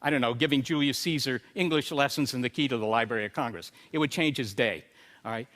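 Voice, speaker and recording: A man's voice: mid-range voice, quick pace, fairly bright tone. A man giving a prepared talk in an emphatic way, often checking in with his listeners. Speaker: speaker.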